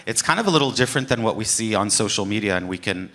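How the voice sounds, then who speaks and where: A man moderating a conference panel, speaking haltingly with frequent fillers. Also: lowish voice, expressive, bright, forceful tone. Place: conference stage before an audience.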